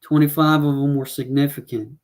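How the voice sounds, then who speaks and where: Fairly high in pitch but with a darkish tone, this man speaks fairly quickly and with fairly even intonation. He's a podcast co-host on an informal fight-picks show, meandering through stats, double-checking numbers aloud and leaning on filler words.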